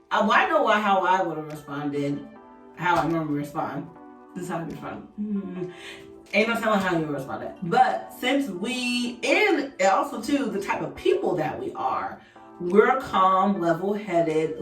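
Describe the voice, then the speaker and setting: A young woman, chatting animatedly with viewers while she does her makeup in a storytime vlog. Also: medium pitch. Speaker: beauty vlogger. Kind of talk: casual storytime chat while doing makeup. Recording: echoey room, voice a bit distant. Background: faint background music.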